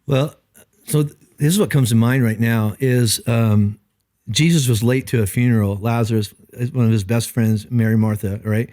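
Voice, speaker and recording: At a normal speed, a middle-aged pastor reflects earnestly on a podcast, animatedly acting out what other people said so that his ordinary pitch swings up and down. The audio is close and dry, free of room echo.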